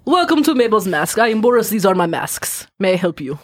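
A woman's voice: mid-range voice, very animated, fairly quick, breathy edge. A woman voicing a proud, touchy male mask-seller in a put-on Russian accent, speaking in broken merchant patter, in a tabletop game. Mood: haggling. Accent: fake Russian, put on.

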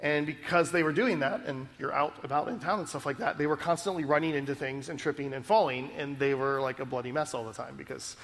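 High-voiced preacher in a reverberant hall. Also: male voice, fast, few pauses, a bit bright. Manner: earnest, conversational preaching with frequent "right?" asides. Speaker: pastor. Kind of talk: sermon.

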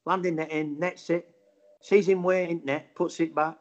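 This Bradford man in his fifties has a West Yorkshire accent, a fairly high voice, and a moderate pace. Spinning a casual story, he gets animated, performs the quoted voices, and lets a few swear words slip. It's captured in dull, lo-fi audio.

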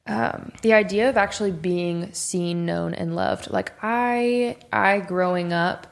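A woman co-hosting a faith podcast, chatty and affectionate, telling quick anecdotes. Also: on the low side, vocal fry. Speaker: podcast co-host. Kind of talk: casual podcast chat.

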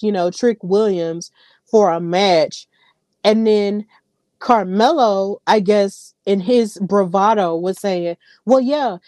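A woman hosts her own podcast and talks straight to her listeners in a casual, animated way. Her voice sits at a middle pitch and is recorded close and dry, with no room sound. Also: dry recording. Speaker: podcast host. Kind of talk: casual wrestling commentary.

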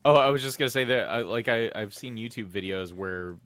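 A man's voice: medium pitch, a little fast, fairly bright tone, dry recording. A man co-hosting a casual podcast chat, adding short, laughing comments. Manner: brief, laughing interjections. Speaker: podcast co-host.

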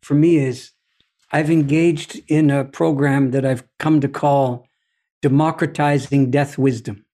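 A man speaking as a podcast guest, talking in a deliberate, philosophical way and telling stories, often checking in with "you see?". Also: mid-range voice, fairly even intonation, dark tone. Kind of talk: reflective conversational storytelling.

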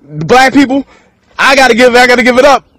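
High-voiced man ranting freely. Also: a little fast, pushed and bright, dry recording, poor audio. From Texas. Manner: rambling, profane, laughs between thoughts. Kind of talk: freestyle rant to camera.

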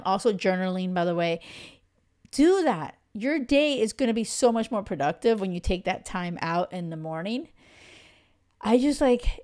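Smooth-voiced woman podcast host, chatty. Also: medium pitch, darkish tone. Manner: chatty, many fillers, heartfelt and candid. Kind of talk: casual personal monologue.

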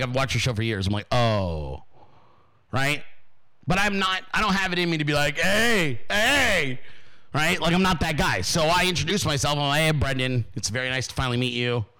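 A man hosting his own show, telling a story in a casual, profane, animated monologue. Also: a little high, clear, resonant tone. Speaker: podcast host.

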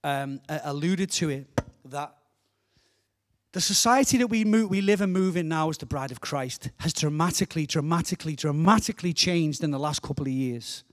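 An earnest, fervent middle-aged man from England, preaching as a guest speaker in a church. His voice sits a little higher than most men's. He often repeats words as he builds toward a point. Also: normal speed. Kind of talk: sermon.

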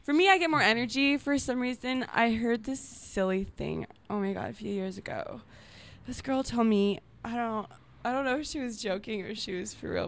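A woman's voice: fairly high pitch, normal speed. A young adult woman chatting candidly as a podcast guest, giggling as she tells stories. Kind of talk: casual chat.

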